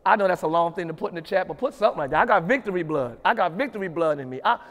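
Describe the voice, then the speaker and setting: High-voiced pastor preaching in a reverberant hall. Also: male voice, lively intonation, very fast. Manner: preaches with rising shouted emphasis and repeated refrains. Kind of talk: sermon. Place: church sanctuary.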